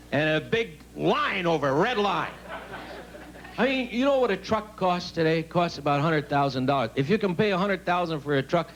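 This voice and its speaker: A man doing a stand-up comedy monologue in a TV studio, telling rambling deadpan stories with asides to the audience. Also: fairly high pitch, moderate pace, background noise. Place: TV studio stage with live audience.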